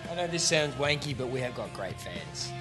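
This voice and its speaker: A man's voice: medium pitch, sing-song, moderate pace, loud music behind the voice. A man, a band member trading crude banter in casual chat.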